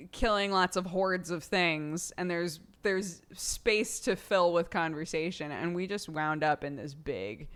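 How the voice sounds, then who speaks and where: A woman's voice: fairly low pitch, clear, resonant tone. A woman streamer chatting casually with her viewers, laughing often and thanking subscribers by name.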